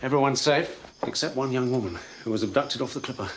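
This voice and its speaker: An actor playing a weary, exasperated colonial officer in a film clip. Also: male voice, medium pitch, quick pace, slight background noise, natural voice. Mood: briefing. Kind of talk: film dialogue.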